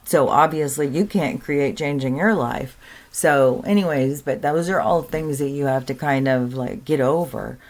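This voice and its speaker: A woman's voice: very deep voice, unhurried. A woman giving an earnest, rambling spiritual monologue to camera, full of fillers and restarts. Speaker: spiritual content creator.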